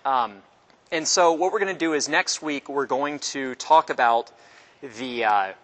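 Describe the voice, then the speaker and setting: A man's voice: unhurried, fairly bright tone. A man teaching a Bible class in a conversational way, asking the class questions and acting out quotes. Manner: conversational, asks the class questions, acts out quotes with pitch jumps. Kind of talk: casual Bible class lecture.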